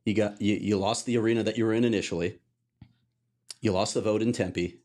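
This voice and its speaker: A man's voice: on the low side, steady tone, brisk, darkish tone. A man co-hosting a casual sports podcast, talking in a wry, blunt and exasperated way. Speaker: sports reporter and podcast co-host.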